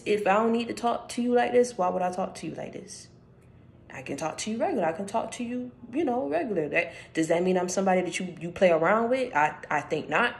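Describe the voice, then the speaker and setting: Creaky and mid-range in pitch, this woman's voice carries a relaxed spiritual message on her own channel. She talks directly to the listener, conversational yet emphatic, driving points home by repeating phrases.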